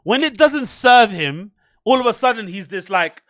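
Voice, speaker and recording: A man's voice: sits high, animated, normal speed, a bit bright, no echo, studio quality. A man hosting a show, giving profane, sarcastic commentary full of rhetorical questions. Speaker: host. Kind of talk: ranting commentary on clips.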